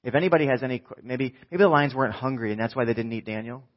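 A man preaching a sermon, retelling a story with lively, acted-out voices. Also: medium pitch, racing, lo-fi sound. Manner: animated storytelling, acting out voices. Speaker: pastor.

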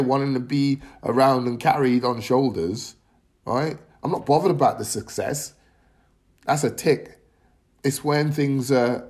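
A man's voice: medium pitch, a little mellow. A middle-aged man with an emphatic manner, talking football as a podcast pundit. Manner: emphatic, keeps adding "right?". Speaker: podcast pundit, former player. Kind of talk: casual chat.

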